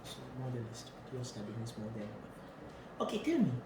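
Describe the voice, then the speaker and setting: A Sri Lankan English man lectures with a very lively, swooping delivery, repeating key points and questioning his class. His voice rings around a roomy lecture room, with a faint murmur of ambience underneath. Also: medium pitch, a little fast, noisy background. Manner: animated, repeats key phrases, asks students questions.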